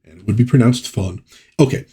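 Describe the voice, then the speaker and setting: A man's voice: medium pitch, fairly quick, dark tone, a little hiss or hum. A man hosting a comic book review show who narrates the story casually, reads panel dialogue aloud and breaks off for chatty asides. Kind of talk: casual commentary.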